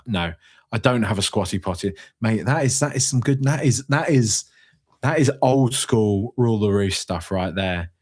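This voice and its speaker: A man around forty hosting a solo fan podcast on a studio microphone, reading live chat and reacting in an emotional, rambling way with lots of restarts. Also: fairly low pitch. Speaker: podcast host.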